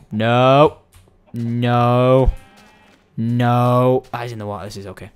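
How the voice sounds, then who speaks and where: A young man giving excitable, rambling let's-play commentary, coaxing and shouting at the game. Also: mid-range voice, measured pace, smooth, faint music behind. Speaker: gaming video host.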